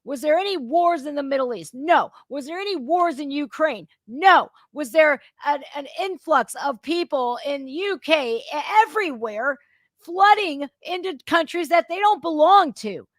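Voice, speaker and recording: A woman's voice: high-pitched, expressive, normal speed, no echo, studio quality. A woman hosting a reaction channel, ranting about politics in an angry, profane, emphatic way. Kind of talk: heated political rant.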